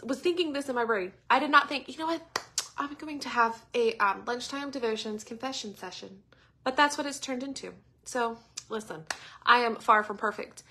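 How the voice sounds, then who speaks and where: A woman, giving a casual devotional talk in a chatty, animated storytelling way. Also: medium pitch.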